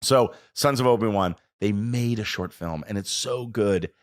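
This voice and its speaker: Deep-voiced enthusiastic man. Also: a little slow, dry recording, studio quality. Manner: enthusiastic and heartfelt. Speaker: podcast guest. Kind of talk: casual podcast chat.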